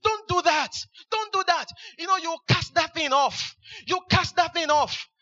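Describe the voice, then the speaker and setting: A high, very bright male preacher, exclaiming hallelujah over and over between verses. His voice is sharp and piercing, and the recording is dull and lo-fi. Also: animated, unhurried. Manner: exclamatory, repeats hallelujah, fervent. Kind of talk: sermon.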